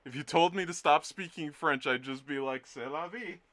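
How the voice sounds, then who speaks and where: A man's voice: on the high side, moderate pace, fairly bright tone. A man streaming his art, chatting casually and playfully with his viewers in a rambling way. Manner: playful, rambling, jokes with chat. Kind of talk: casual live-stream chat.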